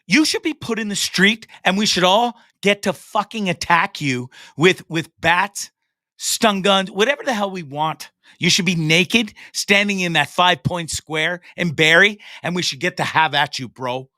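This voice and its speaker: A man's voice: high voice, unhurried, pushed and bright, dry recording, clean studio sound. A Canadian man in his forties hosting a show, delivering an angry, profane, repetitive rant, stammering as he gets fired up. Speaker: host. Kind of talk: impassioned solo rant. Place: studio.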